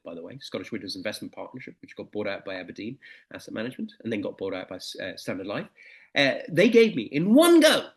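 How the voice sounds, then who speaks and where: A man's voice: mid-range voice, gravelly. A middle-aged man giving a motivational presentation, telling anecdotes and stories. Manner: anecdotal, animated storytelling. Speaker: motivational speaker.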